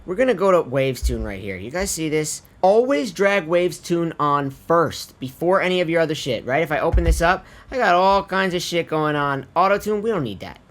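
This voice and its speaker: A man's voice: on the high side, expressive, normal speed, hardly any pauses, a bit bright. A man casually walking viewers through a vocal tuning tutorial, chatty and laid-back, swearing offhand and calling the viewers his friends. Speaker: music producer teaching vocal tuning. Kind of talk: casual screen-recorded tutorial.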